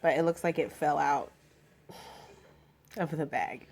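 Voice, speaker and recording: Young woman with a low voice, chatting at home, kinda rambly. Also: unhurried, creaky, a little mellow, breathy edge. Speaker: vlogger. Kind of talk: casual chat.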